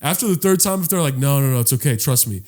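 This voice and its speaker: A man's voice: medium pitch, animated, quick pace, a little mellow. A man co-hosting a podcast in casual chat, joking around and swearing as he riffs on bits. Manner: joking, profane, playful riffs. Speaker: podcast co-host.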